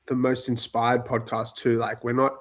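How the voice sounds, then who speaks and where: A male podcast co-host chatting casually in a flat, level voice that barely rises or falls. He meanders, leans heavily on "like", and often trails off before finishing a thought. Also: mid-range voice, moderate pace. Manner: meandering, filler-heavy, trails off mid-thought. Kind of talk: casual chat.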